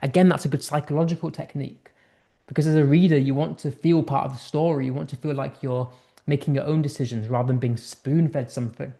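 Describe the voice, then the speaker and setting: A man's voice: mid-range voice, fairly even intonation, fairly quick, gravelly, dark tone. A young British man teaching an English writing lesson in a chatty way, full of fillers and acted-out example lines. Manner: conversational, many fillers and restarts, acts out example tones. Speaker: English tutor.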